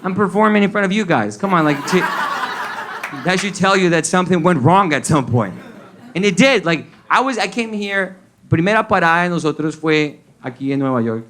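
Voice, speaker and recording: A man's voice: high voice, animated, fairly quick, fairly bright tone. A man from Colombia with a Colombian accent, doing a stand-up comedy set and mixing English and Spanish while acting out his family's voices. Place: comedy stage before a live audience. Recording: live stage set with audible crowd noise. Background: audience laughter.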